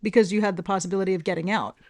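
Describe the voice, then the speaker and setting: An interviewer on a recovery podcast who keeps to short prompts and follow-up questions. The voice sits at a middle pitch for its tagged sex, with a plain conversational delivery. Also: steady tone, rapid-fire, a little mellow. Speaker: podcast host.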